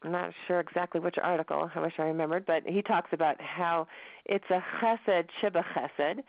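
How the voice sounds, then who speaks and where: Woman lecturing, chatty and warm with humor, dull dry audio. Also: lowish voice, no echo. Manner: conversational, with jokes and laughter. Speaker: religion teacher. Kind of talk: class lecture.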